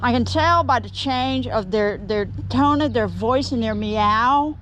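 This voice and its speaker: A woman's voice: on the high side, measured pace, fairly bright tone, slight background noise. A woman chatting and rambling to viewers as she works in an outdoor workshop. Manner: chatty and rambling, talks to viewers and shoos a bee. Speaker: woodturning vlogger. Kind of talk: casual chat while working in a workshop.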